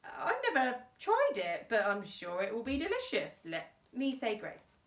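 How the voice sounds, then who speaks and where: Kindly storybook lady vicar as a woman reads her, bright and polite, echoey room. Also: a little high, wildly swooping pitch, a little slow. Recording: echoey room, distant mic.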